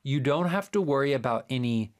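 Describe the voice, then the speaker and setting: A woman co-hosting an English lesson, talking in a relaxed, hesitant way with many fillers. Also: rumbling low, brisk. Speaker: co-host. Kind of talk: casual teaching chat.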